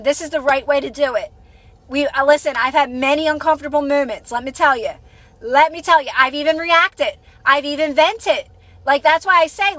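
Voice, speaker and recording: A woman's voice: high-pitched, pushed and bright, dry recording. A woman hosting a live stream, chatting casually and encouragingly with her viewers, rambling and restarting her sentences.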